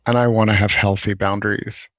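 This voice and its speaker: A man facilitating a workshop, calmly and slowly repeating phrases while leading a tapping session. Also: lowish voice, no room sound.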